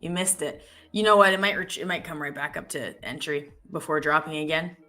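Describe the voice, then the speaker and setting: A woman's voice: low voice, brisk, bright, forceful tone, soft background music. A woman co-hosting a live trading stream, chatting casually and thinking aloud as she trades, often correcting herself mid-sentence.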